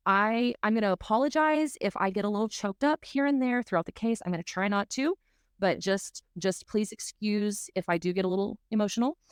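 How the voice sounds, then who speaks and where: A woman's voice: mid-range voice, a little fast, clean tone, dry recording. Lady podcaster, earnest and emotional, dry close mic. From South Mississippi. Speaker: podcast host. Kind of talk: casual podcast chat.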